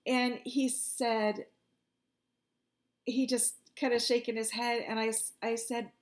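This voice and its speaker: A woman psychic medium chatting casually to her viewers, animated and often laughing, her pitch jumping up when she gets indignant. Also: slow pace, long pauses.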